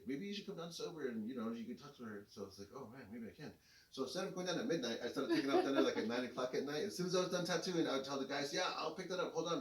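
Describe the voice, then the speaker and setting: A man's voice: medium pitch, far from the mic. Laid-back man, echoey room. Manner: laid-back, rambling with many fillers. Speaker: co-host telling his story. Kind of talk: casual storytelling. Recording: echoey room, voice a bit off-mic.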